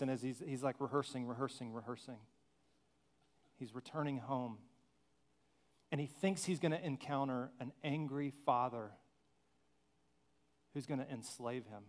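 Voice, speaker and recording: A male pastor preaching a conversational sermon, animated, with humorous asides and acted-out quotes. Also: mid-range voice.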